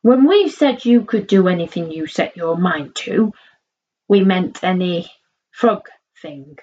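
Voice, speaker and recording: A woman voicing a gentle, patient father frog who explains things calmly, on a slightly dull lo-fi recording. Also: fairly low pitch, slow.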